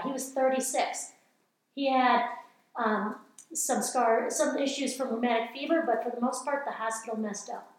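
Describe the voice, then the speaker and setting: A woman's voice: fairly high pitch, steady tone, normal speed. A middle-aged woman giving a passionate, earnest evangelical teaching talk, urging her listeners on. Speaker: speaker. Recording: very echoey room.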